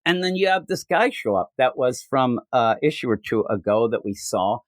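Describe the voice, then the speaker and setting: A man co-hosting a casual comics podcast, reading panel lines aloud in put-on voices and tripping over his words when he gets excited. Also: medium pitch, normal speed, no echo, clean studio sound. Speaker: podcast co-host. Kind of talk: casual chat about comics.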